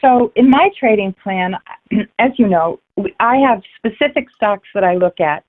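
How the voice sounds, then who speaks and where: A woman's voice: medium pitch, a little slow. Woman, interview guest, frank and passionate, swears freely, thin phone-line sound. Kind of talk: candid personal interview.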